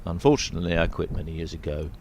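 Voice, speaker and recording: A man narrating a mock documentary in a deadpan, jokey way. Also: low voice, rapid-fire, noisy background. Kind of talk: scripted narration.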